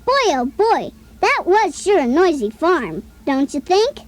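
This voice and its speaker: A chirpy little boy toy pal on a children's play-along tape, with a very high voice that bounces all over. He talks slowly and carefully, coaxing the listener along with friendly questions. Soft music plays faintly underneath. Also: very animated, exaggerated voice. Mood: cheerful. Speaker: talking toy companion.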